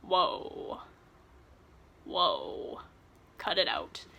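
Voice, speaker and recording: A woman putting on a low, clipped voice to mock a brooding, angry young man from a book. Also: huge pitch swings, drawn-out words, vocal fry, bright, forceful tone, heavily acted.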